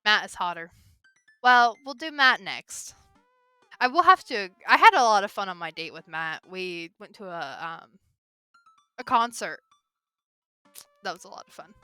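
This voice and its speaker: Bright, chatty young woman streamer. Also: fairly low pitch, very animated, normal speed, pauses often, clean tone, no echo, soft background music. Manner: chatty, giggly, reads game dialogue aloud. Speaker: game streamer. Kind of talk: casual let's-play commentary.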